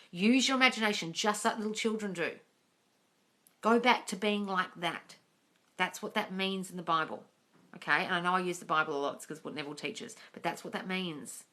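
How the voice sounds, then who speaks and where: Her voice sits in the mid range and is slightly bright as she coaches live, answering questions from viewers about manifesting. She talks straight to them, using "darling" and "guys," and the sound comes from a phone during the stream.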